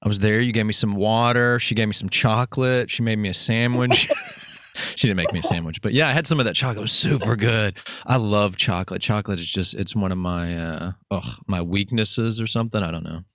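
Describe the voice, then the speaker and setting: A man's voice: on the low side, brisk, a bit bright, no room sound. Man, podcast host, casual joking chat, laughs easily, dry close recording. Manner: jokey and chatty, laughing at his own jokes. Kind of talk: casual interview.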